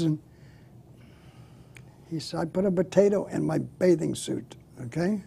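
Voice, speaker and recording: A man's voice: on the high side, moderate pace, gravelly, long pauses, dark tone, husky. An older man, a comedian guest telling jokes in a chat show, often laughing at his own punchlines.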